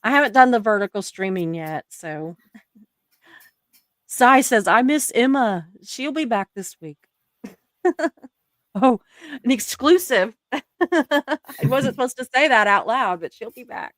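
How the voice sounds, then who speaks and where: A woman's voice: a little high, expressive, slow, pauses often, a bit bright, dry recording, clean studio sound. Giggly Southern woman hosting a stream. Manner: giggly, chatty, laughs often. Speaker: livestream host. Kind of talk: casual chat reading viewer comments.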